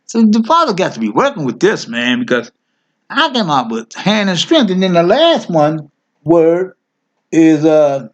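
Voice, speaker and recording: A man's voice: fairly high pitch, sing-song, unhurried, muffled recording. A man teaching a Hebrew word lesson, thinking aloud as he clicks through his screen, correcting himself and coaxing his listeners along. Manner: addresses listeners as family. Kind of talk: informal screen-share lesson.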